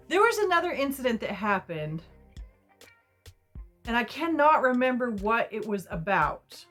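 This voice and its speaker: A woman's voice: on the high side, fairly bright tone. A woman vlogger retelling a personal story in a rambling, chatty way with asides. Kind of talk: casual storytime.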